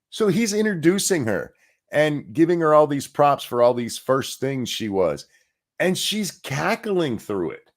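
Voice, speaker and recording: In a sing-song, mid-range voice that runs a little slow, the livestream host wanders from point to point. He's sarcastic and curses often, frequently breaking off to begin sentences again.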